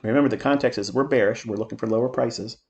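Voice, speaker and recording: A middle-aged man talks through his market commentary at a mid-range pitch. He is blunt and profane, and he drifts into boastful, heated asides. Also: fast talker, lo-fi sound, slight background noise. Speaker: trading mentor.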